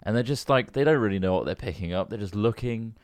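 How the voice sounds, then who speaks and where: A man's voice: lowish voice, quick pace, no echo. A man from England co-hosting a comedy podcast from home, laid-back and sweary, chuckling as he talks in casual chat. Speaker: podcast co-host. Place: home room. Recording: dry home setup.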